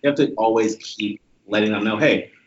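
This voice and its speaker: A young man in casual group conversation, thoughtful and relaxed, often restarting his sentences. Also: on the low side, fairly quick. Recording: dull lo-fi audio with faint noise.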